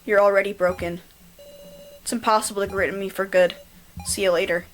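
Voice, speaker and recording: A woman's voice: mid-range voice, steady tone, brisk, noisy background, close to an everyday voice. Mocking young man's hallucination, read by a woman; smug, taunting.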